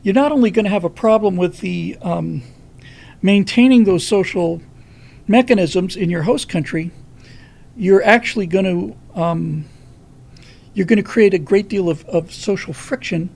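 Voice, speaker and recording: A man's voice: high-pitched, measured pace, gravelly, darkish tone. A man hosting a live stream, giving a rambling monologue of political commentary with lots of fillers and restarts.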